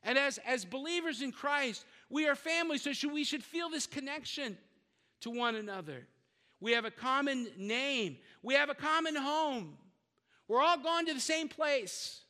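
An older man preaches with a very high, forceful, ringing voice. He talks to his church in a loose, chatty way, throws in joking asides and stumbles over repeated words. His voice carries a long reverb, as if it rings through a church hall. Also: lively intonation, normal speed. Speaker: pastor. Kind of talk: sermon.

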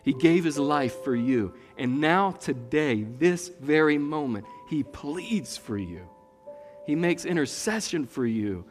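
A man preaching a sermon as pastor, earnest and slow, dropping to hushed tones at times. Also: fairly high pitch, animated, long reverb tail, faint music behind. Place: church sanctuary.

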